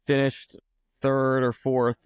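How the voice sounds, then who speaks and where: A man's voice: medium pitch, monotone, slow, clean tone, no room sound, lo-fi sound. A man hosting a golf podcast, telling stories with enthusiasm and stumbling over repeated words. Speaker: podcast host and golf coach. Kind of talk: casual podcast conversation.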